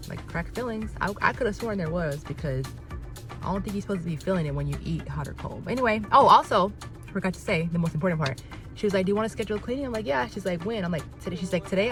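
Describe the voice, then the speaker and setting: A woman's voice: on the low side, rough recording. A woman dental hygienist chatting casually in a vlog, blunt and profane, acting out conversations. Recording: music playing behind.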